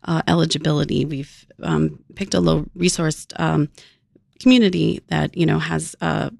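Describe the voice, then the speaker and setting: Researcher guest, heavy vocal fry, dry close sound, halting. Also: mid-range voice, fairly even intonation, dry recording. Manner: halting, many ums and pauses. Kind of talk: interview answers.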